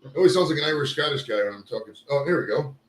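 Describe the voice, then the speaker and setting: A man's voice: on the high side, animated, rapid-fire, a bit bright. A man hosting a casual live stream, swearing and rambling while fixing his camera gear. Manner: profane, rambling, fixes gear on air. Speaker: live show host. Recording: roomy echo.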